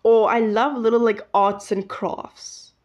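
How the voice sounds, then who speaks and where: A woman's voice: fairly high pitch, fairly even intonation, slow pace, a little mellow. A young woman, hosting a podcast and rambling through a story with lots of fillers and restarts. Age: late teens. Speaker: podcast host. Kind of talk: casual storytelling monologue. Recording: slightly dull lo-fi audio.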